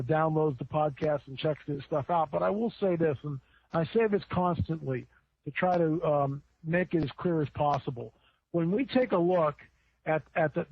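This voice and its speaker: A man, a podcast guest, preaching in a casual way, often repeating words and building up with rising emphasis. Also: fairly high pitch. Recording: dry tinny phone line.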